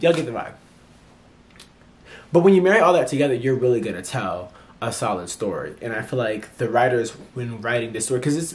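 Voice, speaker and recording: A mid-range male voice delivers a casual, lively movie review vlog, stumbling through fillers and restarts while acting out lines from the characters in fun voices.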